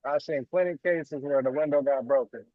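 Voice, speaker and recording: A man co-hosting a reaction video, chatting casually with relaxed, slangy banter. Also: medium pitch, brisk, no echo, dull audio.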